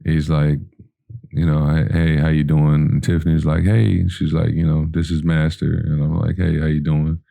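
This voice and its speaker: Very deep, gravelly-voiced man telling a story. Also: flat delivery, moderate pace, dark tone. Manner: rambling, full of "you know" and "like", acting out quoted dialogue. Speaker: podcast guest. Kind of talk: casual podcast storytelling.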